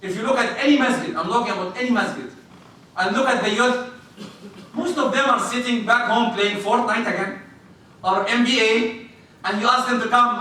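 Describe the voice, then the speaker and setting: A man preaching a sermon in a mosque, animated, acting out little scenes and putting questions to his listeners. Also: extremely high pitch, moderate pace. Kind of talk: sermon to a congregation. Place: mosque prayer hall. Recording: echoey hall, distant mic.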